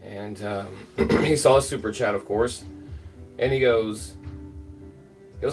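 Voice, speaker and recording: Middle-aged male streamer, chatty rambling storyteller, shouts out chat names, sits a bit back from the mic with soft music under. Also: on the low side, slow pace, creaky, pauses often, recorded from a distance. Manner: rambling, filler-heavy, greets chat by name. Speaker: livestream host. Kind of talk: casual storytelling on a livestream.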